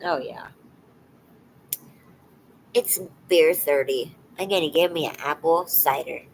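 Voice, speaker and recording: Her low voice soft and halting, an emotional, teary woman chats casually with her livestream viewers, repeatedly trailing off into a whisper. The rough recording has a little hiss or hum.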